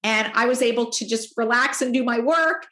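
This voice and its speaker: A woman guest telling a personal story in conversation, animated and jumping up in pitch when quoting others. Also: moderate pace, roomy sound. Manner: animated, jumps up in pitch to act out quoted speech. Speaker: podcast guest.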